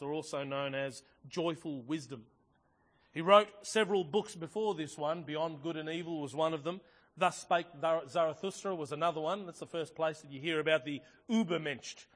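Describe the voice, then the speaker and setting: A man preaching a sermon, earnest and emphatic, reading scripture and building to forceful passages. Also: fairly high pitch. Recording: long hall reverb.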